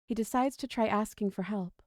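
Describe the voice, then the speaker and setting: A woman reading a long story aloud on a livestream in a steady, even narrating voice, close to the mic. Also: medium pitch, normal speed, no room sound.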